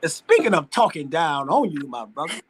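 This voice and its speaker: A man's voice: fairly high pitch, sing-song, moderate pace, slightly rough. A man hosting a live stream interview over a video call, encouraging his guest and calling him brother. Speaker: interview host.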